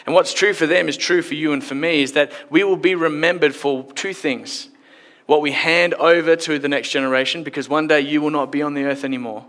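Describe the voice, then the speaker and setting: A man's voice: a little high, steady tone, a little fast, a bit bright. A man preaching a sermon in church, in a conversational, playful storytelling way. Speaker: pastor.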